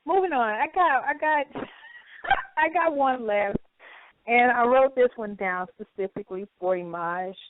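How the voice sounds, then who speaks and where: Animated woman host on a phone line. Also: fairly high pitch, a little slow, a little hiss or hum. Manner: laughs often, animated storytelling. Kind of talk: casual chat on a call-in show.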